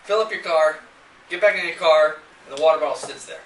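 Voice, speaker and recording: A man's voice: fairly high pitch, fairly quick, fairly bright tone, a little hiss or hum. A man presenting a sales seminar who gets fired up and keeps quizzing his live audience. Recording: echoey room, mic at a distance.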